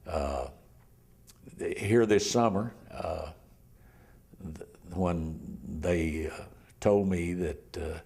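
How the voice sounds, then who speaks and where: Telling his story for an oral history interview, an older man who practiced criminal defense law halts, repeats words, and often fades to almost a whisper. His voice sits low, gravelly and slightly rough, yet a little mellow.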